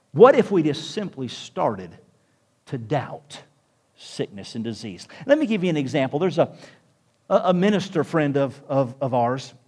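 A man's voice: fairly high pitch, a little mellow. A man preaching as a pastor to a congregation, with emphatic rising peaks in his delivery. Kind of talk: sermon. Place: church room with congregation.

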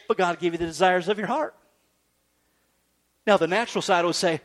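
High-voiced, animated preaching man. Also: moderate pace, pauses often. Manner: animated preaching, rising to emphatic highs then dropping low and soft. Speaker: pastor. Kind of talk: sermon.

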